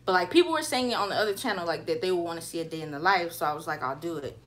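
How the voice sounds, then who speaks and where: Speaking rapid-fire in a fairly low but bright voice, a young Carolina woman with a Southern accent hosts a hair livestream from home. She's chatty and loose, reading out viewer comments and drifting off into fillers.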